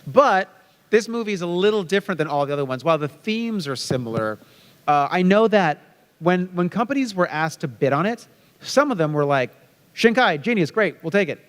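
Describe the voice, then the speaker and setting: A man's voice: sits high, very animated, brisk, clean tone. A playful man talking on a convention stage in a slightly raised voice. His words ring out with a long reverb from a large hall. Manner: joking, playful asides. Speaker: convention panel guest. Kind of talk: casual panel Q&A.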